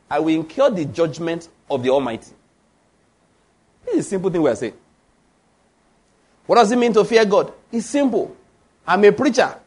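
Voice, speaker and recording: A male preacher with a high voice delivers a sermon. He speaks emphatically and drives his points home by repeating key lines, and he reads scripture aloud. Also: darkish tone, husky.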